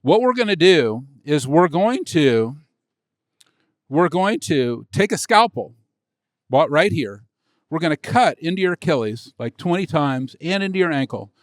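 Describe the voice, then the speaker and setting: A middle-aged man, a tech executive, telling a rambling story on a conference stage, acting out the dialogue with excitement. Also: on the high side, a little slow, no echo, clean studio sound. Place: conference stage before an audience.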